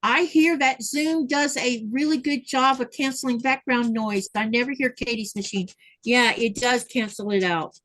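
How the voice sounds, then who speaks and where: A woman hosts a sewing livestream, chatting loosely as she works. Her voice sits a little high, and she reads viewers' comments aloud between thoughts. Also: steady tone, normal speed, fairly bright tone, rough recording. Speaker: livestream host. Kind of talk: casual chat while sewing.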